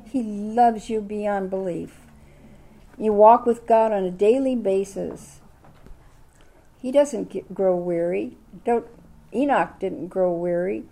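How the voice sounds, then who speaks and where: A woman's voice: mid-range voice, slow, gravelly, pauses often, warm tone. Older woman teaching a Bible class. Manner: chatty, asks the listeners many questions. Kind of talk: Bible study lesson.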